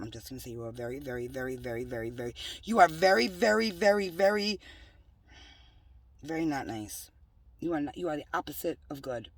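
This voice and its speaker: A woman giving a rambling religious monologue, drifting between soft whispers and loud scolding, slowly reading definitions aloud. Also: low voice, sing-song, no echo, far from the mic. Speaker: self-styled prophet vlogger.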